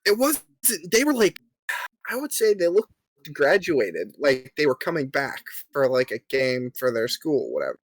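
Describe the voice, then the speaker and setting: A young man tells a story on a casual podcast, pausing on ums and acting out what others said. His voice sits in a middle range and sounds dry and close. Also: mid-range voice, huge pitch swings, no echo. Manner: filler-heavy, polite, acts out quoted lines. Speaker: podcast co-host.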